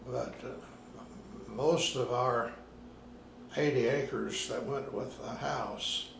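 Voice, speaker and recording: An Arkansas man in his nineties, a retired minister, tells his stories slowly with pauses during an oral history interview at his apartment. His voice is gravelly, medium in pitch and steady in tone. It's a roomy home recording with background noise.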